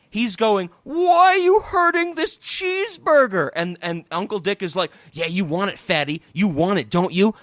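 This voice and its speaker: A man hosting a podcast, retelling a comedy film in an animated, incredulous way. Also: high voice, no echo. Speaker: podcast host. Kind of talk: casual chat.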